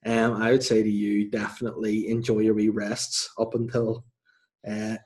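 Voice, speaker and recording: A man in his thirties talks casually, winding through stories and poking fun at himself. His voice sits a touch low. It sounds like a relaxed podcast chat. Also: normal speed. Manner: rambling, self-mocking storyteller. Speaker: podcast host.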